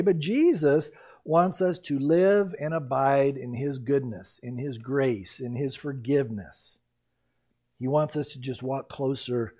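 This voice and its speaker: A man preaching a verse-by-verse Bible teaching sermon, animated and lively, sometimes acting out the people in the story. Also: fairly high pitch. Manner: animated, acts out quoted voices and reactions, laughs at his own asides. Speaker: pastor.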